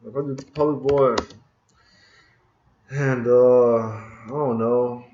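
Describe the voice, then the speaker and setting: A man hosts a casual coding screencast, talking slowly and muttering to himself in frustration as he hunts for something. His voice sits in a roomy space and comes through a bit dull. Keyboard clicks and typing come and go behind him. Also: medium pitch, steady tone, noisy background. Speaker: programming screencast host. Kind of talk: casual live coding talk. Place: room at a computer.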